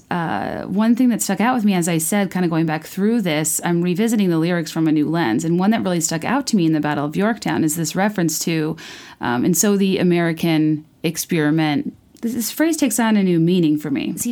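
A woman's voice: on the low side, a little mellow. A woman talking casually at home, enthusiastic and chatty, with lots of fillers and restarts. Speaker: video creator discussing a musical. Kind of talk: casual commentary.

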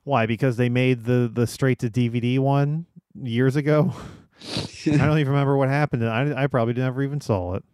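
A man co-hosting a podcast in casual chat, critical and a bit halting, swearing freely. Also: mid-range voice, steady tone, a little mellow, clean tone, dry recording, studio quality.

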